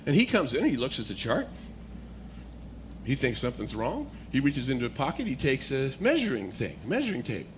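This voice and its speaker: A man speaking as a guest speaker, telling a personal testimony in a storytelling manner that builds to animated excitement. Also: mid-range voice, fairly quick, slight background noise.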